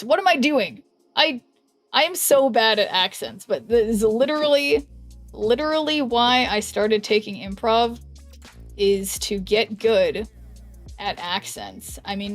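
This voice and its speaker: Young woman, rambling streamer chat, fairly high voice, faint music behind. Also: no room sound. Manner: rambling, many fillers, laughs often. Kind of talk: casual livestream chat. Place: her hot bedroom with a fan blowing.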